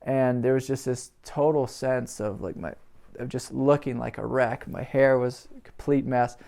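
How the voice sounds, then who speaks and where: A middle-aged man with a gravelly, mid-pitched voice recounts a personal story. He speaks in a reflective, halting way and laughs softly between phrases. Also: fairly even intonation. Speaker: spiritual teacher.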